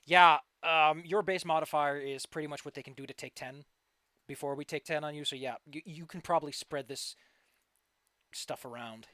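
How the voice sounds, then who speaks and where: Young male game master, bright and slightly high voice, dry close recording, wry. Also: steady tone, moderate pace, no room sound. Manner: wry, explains rules. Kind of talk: running a tabletop game.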